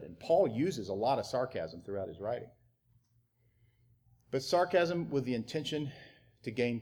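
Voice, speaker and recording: A young adult man preaching a sermon on parenting, animated and punctuated with mocking acted-out quotes of parents. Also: mid-range voice. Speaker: pastor.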